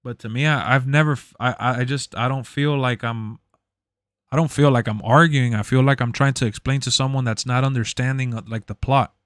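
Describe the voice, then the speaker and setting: Young man streamer rambling on, smooth clear voice, dry close sound. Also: mid-range voice, fairly even intonation, fairly quick, a bit bright, no echo. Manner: rambling, repeats himself, laughs a lot. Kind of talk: casual chat.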